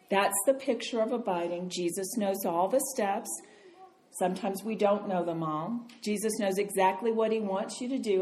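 Older female Bible teacher, animated storyteller, roomy hall sound with faint noise. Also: medium pitch. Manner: animated, chatty storyteller who laughs often. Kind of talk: storytelling sermon.

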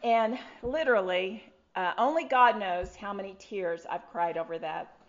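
A middle-aged woman, telling her personal testimony to a live audience in an animated, self-deprecating way. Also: mid-range voice, moderate pace, highs cut off. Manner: animated, self-deprecating storyteller with frequent restarts. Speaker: speaker sharing her testimony. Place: room with an audience.

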